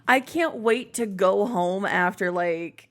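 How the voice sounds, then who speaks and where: A woman hosting a casual podcast chat, rambling and swearing freely. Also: mid-range voice. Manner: swearing, rambling, quick asides. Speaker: podcast host.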